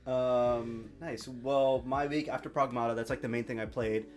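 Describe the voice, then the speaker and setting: A man hosting a podcast, chatting casually and telling lively stories with playful voices for the people in them. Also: medium pitch, moderate pace, soft background music. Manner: animated storyteller, playful voices for quoted people, laughs easily. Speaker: podcast host. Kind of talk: casual chat.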